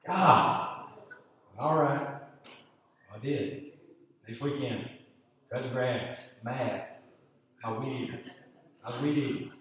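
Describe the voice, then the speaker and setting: A man preaching a sermon, telling a story from his youth and acting out his own grumbling thoughts with sudden jumps and quiet mutters. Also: mid-range voice, slow pace, pauses often, a little hiss or hum. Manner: drops to a muttering hush for inner grumbling. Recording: echoey hall, voice from far off, faint ambience.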